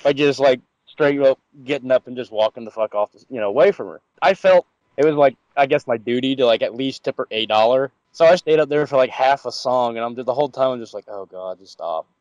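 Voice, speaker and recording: Animated man telling crude stories. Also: mid-range voice, fast, no room sound, muffled recording. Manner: animated storyteller who acts out voices. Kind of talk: crude casual podcast chat.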